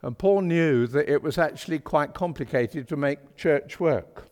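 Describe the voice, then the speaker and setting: A man delivers a sermon in a chatty, wry way, pressing hard on his key points. His voice runs somewhat high for a man. The church around him adds a long, hanging reverb. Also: a little slow, a little mellow. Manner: chatty, wry and emphatic, with homely British turns of phrase. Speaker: preacher.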